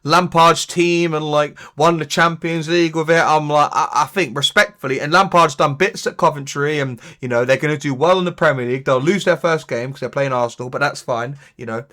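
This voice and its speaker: A young man, co-hosting a podcast, chatting about football in a sweary, animated way. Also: fairly high pitch, a little fast, few pauses. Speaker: podcast co-host. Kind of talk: casual chat.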